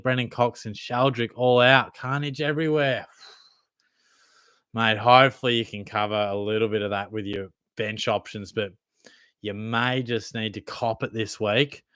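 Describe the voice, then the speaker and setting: A man's voice: on the low side, fairly bright tone, smooth, dry recording, clean studio sound. A young Australian man hosting a casual livestream Q&A, reading out chat questions in a laid-back, blokey way, calling everyone mate and swearing freely. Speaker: fantasy football livestream host.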